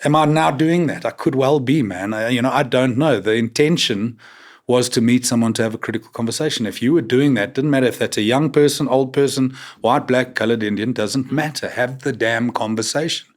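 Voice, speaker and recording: Talking a little fast in a medium-pitched voice, this South African guest in his fifties shares frank stories on a talk show podcast. He keeps ending lines with "man" and "right?" throughout the candid conversational interview.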